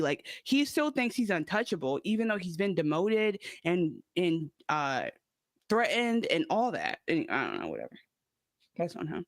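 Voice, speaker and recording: A co-host of a casual TV recap podcast talks at a middling pitch. The talk is quick and joking, full of pop-culture references. The recording is dry and close to the mic. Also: very animated, no echo.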